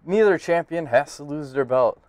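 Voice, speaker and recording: A man's voice: on the high side, expressive, normal speed, darkish tone, no room sound, studio quality. A man co-hosting a casual podcast, talking bluntly with lots of swearing and laughing banter. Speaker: podcast host.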